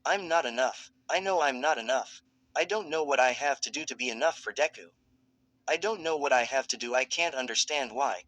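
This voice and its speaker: A man's voice: mid-range voice, fairly quick, a bit bright, no room sound, close to an everyday voice. A man voicing a young woman who is crying and hurt, pleading in broken sentences during a fan fiction reading. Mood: tearful. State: crying, hiccuping.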